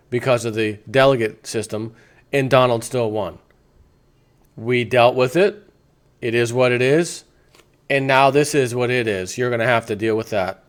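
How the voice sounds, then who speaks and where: A man delivering a combative political rant as a vlogger, firing off rhetorical questions and rambling through crude asides. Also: medium pitch. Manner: mocking, slips into sarcastic quoted voices. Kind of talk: ranting opinion monologue.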